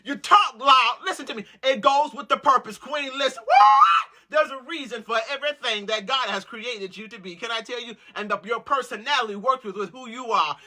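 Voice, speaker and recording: A woman host preaching to women with loud, exuberant energy, breaking into whoops and repeated calls to listen. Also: a little high, brisk, few pauses, noisy background.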